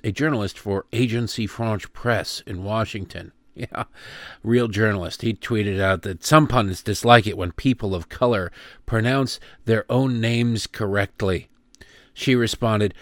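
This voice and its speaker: A man's voice: on the low side, a little slow, dry recording, studio quality. A middle-aged man hosting political commentary, sarcastic and emphatic, with indignant outbursts.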